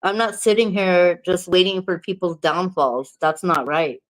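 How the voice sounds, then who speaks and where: A woman's voice: lowish voice, fairly even intonation, a little slow, low-quality recording. A woman vlogger from New Mexico chatting casually to the camera, candid, swearing freely and laughing often.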